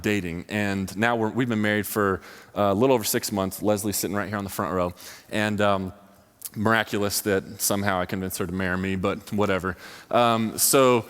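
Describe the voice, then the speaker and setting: Young preacher in a reverberant hall. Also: male voice, fairly low pitch, a bit bright. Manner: casual, rambling storytelling with many fillers. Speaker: college ministry speaker. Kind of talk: sermon.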